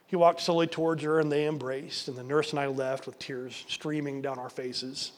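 Earnest pastor telling a story. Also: male voice, mid-range voice, steady tone, moderate pace, hardly any pauses. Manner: earnest, drops to soft near-whisper, repeats words for emphasis. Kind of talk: sermon with storytelling.

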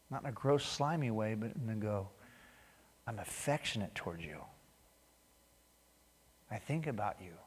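A man preaching a sermon as pastor, animated, acting out quoted voices and dropping to a near-whisper for emphasis. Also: mid-range voice. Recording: long hall reverb.

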